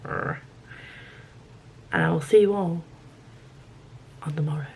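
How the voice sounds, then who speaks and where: A woman's voice: low voice, steady tone, takes it slowly, creaky, darkish tone. A young woman who vlogs about books, chatting casually and thinking aloud as she rambles through her reading week. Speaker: book vlogger. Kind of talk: casual reading vlog chat.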